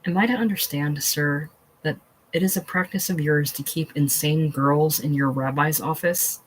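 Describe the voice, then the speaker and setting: A husky-voiced reader voicing an indignant young man in a play reading, demanding and suspicious. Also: mid-range voice, fairly even intonation, moderate pace, close to an everyday voice, rough recording.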